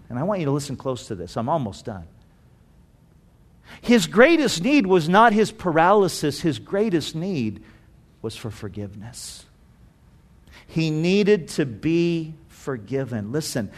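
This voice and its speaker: A male pastor delivers a sermon in a high-pitched voice. He tells the story with animation and briefly acts out the people in it, often repeating words and restarting his sentences. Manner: frequent word repetitions and restarts.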